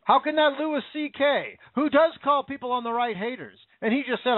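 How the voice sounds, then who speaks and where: A man's voice: very high voice, expressive, a little fast, few pauses, no room sound. An American man giving an indignant, repetitive political opinion rant. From United States. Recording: dry, phone-like narrow audio.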